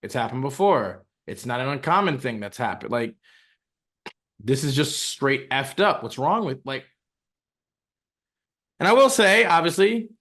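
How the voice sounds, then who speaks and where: Animated, bright-voiced ranting man. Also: medium pitch, a little slow, pauses often. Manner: animated, profane ranting with many restarts. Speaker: podcast co-host. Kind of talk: casual reaction commentary.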